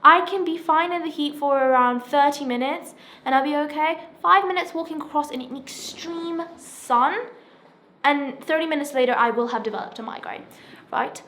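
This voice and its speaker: 16 yr old girl, high voice, earnest and halting, lots of ums and right?s. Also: fairly bright tone. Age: teenager, 16. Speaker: self-help vlogger sharing her experience. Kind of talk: personal testimony to camera.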